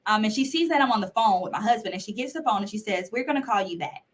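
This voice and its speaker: A woman's voice: medium pitch, expressive, very fast. Woman telling a story with acted-out quotes. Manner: earnest storytelling, acts out quoted voices. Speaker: podcast guest. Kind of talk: personal story in interview.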